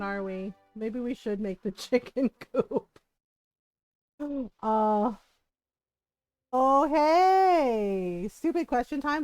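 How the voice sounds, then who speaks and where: A woman's voice: fairly high pitch, darkish tone, no echo. A young woman streaming a game from home, chatting casually in a rambling way and laughing often. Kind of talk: casual gameplay chat.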